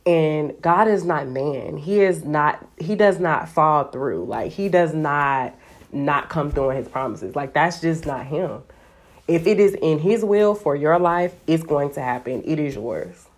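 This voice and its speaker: A woman with a low voice teaching from the Bible in a relaxed, conversational way. She talks animatedly, sprinkling her speech with "like". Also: measured pace. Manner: chatty, animated, heavy use of "like". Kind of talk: casual devotional teaching.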